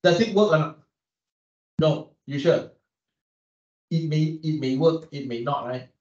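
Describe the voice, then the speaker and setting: A man with a Malaysian English accent gives a classroom lecture, pitched a bit high and caught from a distance. The room rings with echo and the sound is dull. He keeps checking in with the class through quick rhetorical questions. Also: a little mellow. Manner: asks students frequent rhetorical questions; repeats words while searching for them. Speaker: economics lecturer.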